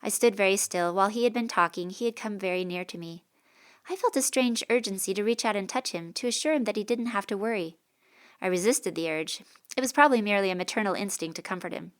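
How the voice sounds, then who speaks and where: Woman, audiobook narrator, first person, measured, reflective, middle pitch. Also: smooth.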